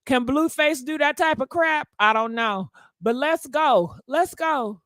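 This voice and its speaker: A woman with a high, fairly bright voice speaks animatedly but a little slowly on her gossip livestream, recorded dry at studio quality. Addressing viewers directly as honey, she keeps the chat casual and sassy.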